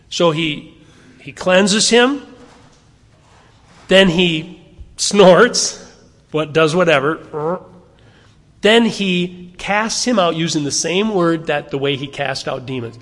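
Conversational preacher in a reverberant hall. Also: male voice, high-pitched, a bit bright. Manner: conversational, asking the listeners questions. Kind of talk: expository Bible teaching.

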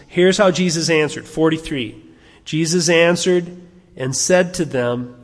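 A man preaching a sermon, animated, asking his congregation rhetorical questions. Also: fairly high pitch, measured pace, pauses often, long reverb tail. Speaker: pastor.

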